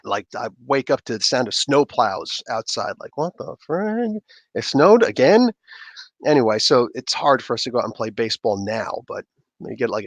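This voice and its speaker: A man hosting a casual livestream, reading chat aloud and chatting in an animated way with frequent laughter. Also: mid-range voice, dry recording. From Canada. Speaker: livestream host.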